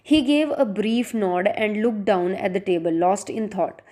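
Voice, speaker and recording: A woman's voice: medium pitch, measured pace, darkish tone. Woman narrating an audiobook. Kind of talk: scripted narration.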